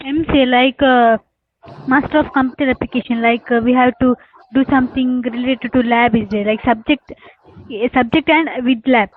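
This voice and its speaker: A woman's voice: high voice, steady tone, moderate pace, slight background noise. Hesitant young woman on a tinny line. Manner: hesitant, many fillers. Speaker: participant.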